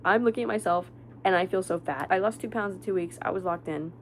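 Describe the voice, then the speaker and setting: A woman's voice: mid-range voice, fast, a little hiss or hum. Chatty young woman vlogging. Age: 20s. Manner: talkative, dramatic, slips into whispers. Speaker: vlogger, college senior. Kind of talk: casual chatty vlog.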